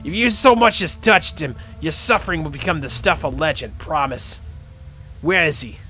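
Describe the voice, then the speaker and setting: A sneering female orc thug who treats everyone as a pest, put on by a man running a tabletop game. She talks down with open contempt, pitched a little high, with faint music underneath. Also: animated, moderate pace, sharp tone, poor audio. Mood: threatening. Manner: taunting, contemptuous.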